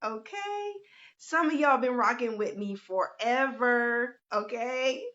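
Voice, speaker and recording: A woman's voice: fairly high pitch, slow, pushed and bright. Chatty woman on a lo-fi livestream. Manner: chatty, greets viewers by name, down-to-earth. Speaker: host, life coach. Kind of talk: casual livestream chat. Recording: lo-fi livestream audio.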